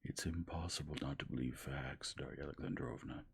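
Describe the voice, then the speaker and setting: Deep breathy whisper, stiff bitter nobleman done by a guy, whispered role-play. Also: fairly even intonation, fairly quick, heavily acted. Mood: cold. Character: cold, wounded aristocratic husband.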